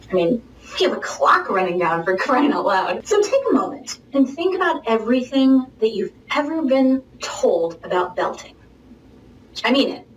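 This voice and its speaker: A woman teaching singing in an online lesson, joking and direct, demonstrating calls and shouts. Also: on the high side, reverberant, recorded from a distance, slight background noise, low-quality recording. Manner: playful, jokey and direct, with sung and shouted demonstrations.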